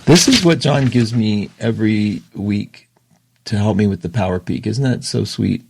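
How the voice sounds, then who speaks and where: A man hosting an astrology show, talking casually and emotionally, opinionated and quick to laugh. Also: on the low side, gravelly, husky, no room sound. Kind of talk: casual livestream talk.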